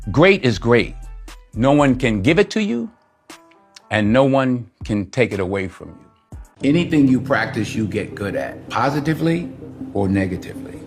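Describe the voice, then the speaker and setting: Emphatic older man, slow and deliberate. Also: lowish voice, slightly rough. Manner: emphatic, deliberate, repeats lines for effect. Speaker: interviewee. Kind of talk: reflective interview talk.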